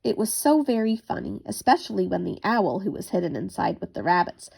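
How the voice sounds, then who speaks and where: A woman reads a children's bedtime story in a gentle, expressive manner. Her voice has a strong gravelly grain, and her pitch rises and falls in a lively way, at a middle height for a woman. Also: a little fast.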